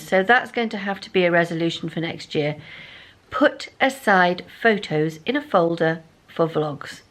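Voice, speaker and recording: A sewing vlogger chats casually into her phone at home, rambling and poking fun at herself. Her voice is on the low side with a darkish tone.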